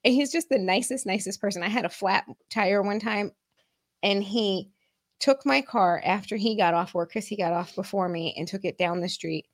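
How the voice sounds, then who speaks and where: A woman talks as a podcast guest, passionate and quick to get loud, with swearing in nearly every sentence. Her voice sits in a middle range. The recording is dry and close, with little room sound. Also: medium pitch, dry recording. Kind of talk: casual podcast chat.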